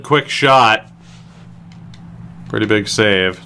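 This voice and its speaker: A man commentating his own hockey video game, swinging between low groans and excited shouts. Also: takes it slowly. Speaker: gaming streamer.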